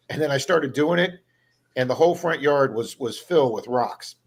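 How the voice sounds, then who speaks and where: A man's voice: medium pitch, a little fast. A man hosting a casual live stream about his day. He rambles through long stories and acts out the people in them. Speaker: live stream host, metal detectorist.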